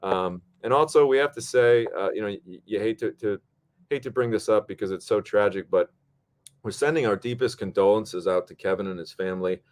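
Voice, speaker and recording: A man hosting a podcast, telling a story in casual chat, animated and profane, acting out what people said. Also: fairly low pitch, brisk. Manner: animated, acts out quotes, swears freely. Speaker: podcast host.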